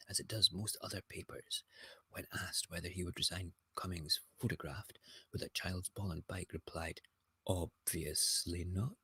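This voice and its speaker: Guy hosting a morning show, deep and husky, gleefully mocking the papers. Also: sharp tone, no room sound. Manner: gleeful, mocking, ranting commentary on headlines. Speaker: host. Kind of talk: casual morning news rant.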